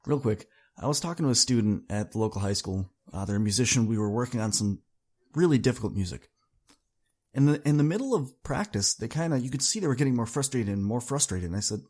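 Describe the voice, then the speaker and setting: A man's voice: mid-range voice, lively intonation, fast talker, darkish tone, slightly rough. A young adult man hosting a podcast, delivering an earnest, upbeat motivational monologue that speaks straight to his listeners. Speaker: podcast host.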